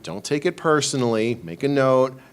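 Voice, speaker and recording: A man's voice: medium pitch, lively intonation, moderate pace, clean tone. A man on a convention panel giving thoughtful advice, often stammering and restarting words.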